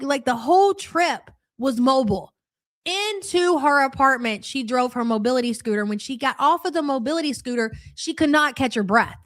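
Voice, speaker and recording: A woman's voice: high-pitched, normal speed, a bit bright, dry recording, studio quality. Blunt, mocking woman streamer. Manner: blunt, mocking, swears freely. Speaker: commentary streamer. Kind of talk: casual live-stream commentary.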